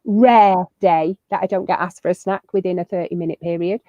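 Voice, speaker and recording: A woman's voice: fairly low pitch, steady tone, brisk, dark tone, no room sound. A woman giving chatty, upbeat parenting advice as a guest on a video call, with lots of fillers and restarts. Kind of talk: casual advice chat. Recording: slightly muffled lo-fi audio.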